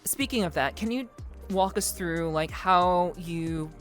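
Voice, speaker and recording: A woman's voice: fairly low pitch, unhurried, faint music behind. A woman hosting a casual podcast chat, talking in an earnest, reflective way with many restarts. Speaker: podcast host.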